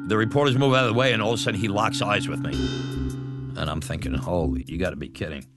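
A middle-aged man recounting an old memory in an interview, animated and acting out the voices of others. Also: lowish voice, fast talker, loud music behind the voice. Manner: animated, acts out quoted voices. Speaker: former batboy interviewee. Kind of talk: storytelling interview.

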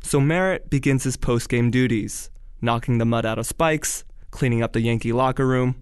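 A man narrating a documentary in a measured, scripted way. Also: medium pitch, clean tone, no room sound, clean studio sound.

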